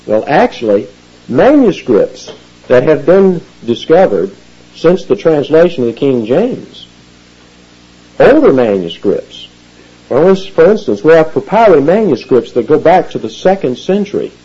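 A man preaching an expository sermon, explaining Bible words with animated emphasis and teacherly asides. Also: on the high side, unhurried, slightly rough, dull audio. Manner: animated teaching, rising emphasis on key phrases. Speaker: pastor.

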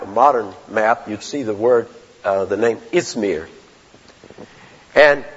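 A man preaching a sermon as a pastor, earnest and deliberate, often restarting his phrases. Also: medium pitch, slightly rough. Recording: dull lo-fi sound with long hall reverb.

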